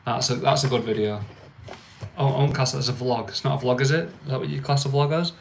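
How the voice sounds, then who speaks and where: A man's voice: medium pitch, fairly even intonation, fast, gravelly, a little hiss or hum. A young man with a slangy, mocking manner, chatting casually on his own livestream. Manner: slangy, mocking, laughs often. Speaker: livestream host.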